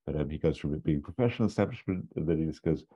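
Very deep, dark-voiced man. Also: animated, very fast, slightly rough. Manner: rambling, hesitant, many restarts and fillers. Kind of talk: casual chat, pitching a story idea. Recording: dull lo-fi recording.

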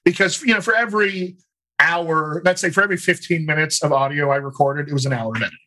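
Speaking a little high with a sharp tone, a male actor and dialect coach gives considered, explanatory answers in an interview. He frequently stalls on "you know" and begins phrases again.

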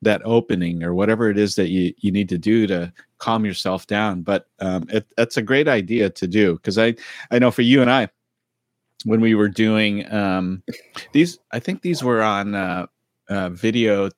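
Male podcast co-host, low voice, dry sound, easygoing and meandering. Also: normal speed, no room sound. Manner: rambling, loose storytelling with many fillers. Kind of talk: casual podcast chat.

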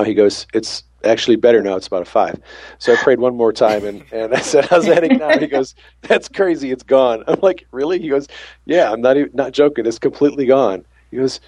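A man's voice: fairly low pitch, a little mellow, no echo. A man telling a faith story from his ambulance work, acting out the dialogue as he retells it. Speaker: works on an ambulance. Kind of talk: storytelling testimony.

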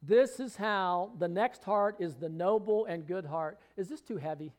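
A man's voice: high-pitched, measured pace. A man preaching a sermon to a congregation, fervent and rising to emphatic readings of scripture. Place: church hall with congregation.

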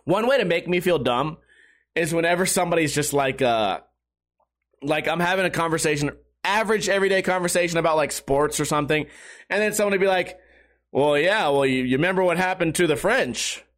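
A man's voice: fairly quick, fairly bright tone. A young man hosting a talk show, rambling through a profane, self-mocking casual rant. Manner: rambling, self-mocking, swings between high and low pitch. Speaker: podcast host.

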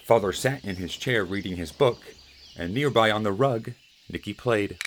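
A man reading a rhyming children's picture book aloud in a gentle way. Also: on the low side, normal speed, a little hiss or hum. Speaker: storyteller.

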